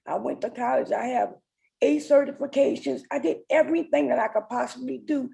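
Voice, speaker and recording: A woman's voice: sits high, brisk, creaky, dark tone, poor audio. A woman in her forties giving an earnest, emotional personal testimony as a summit speaker. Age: 40s.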